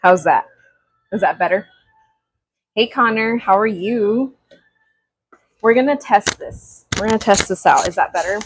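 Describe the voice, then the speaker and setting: A young woman chatting on a craft livestream, greeting viewers with excited gasps. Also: mid-range voice, a little slow, pauses often, a little hiss or hum, low-quality recording. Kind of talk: casual livestream chat. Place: craft workspace at home. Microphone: small clip-on mic.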